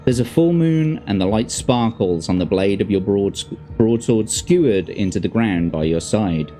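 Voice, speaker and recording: A man's voice: on the low side, lively intonation, moderate pace, dark tone, soft background music. A man from Birmingham with a Birmingham accent hosts a stream, reading a fantasy gamebook aloud and breaking off for casual asides and corrections. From Birmingham, England. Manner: casual, stops to chat and correct himself.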